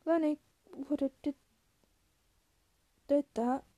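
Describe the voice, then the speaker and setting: A woman reading as a calm, quiet ranch man. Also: sits high. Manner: quiet, measured.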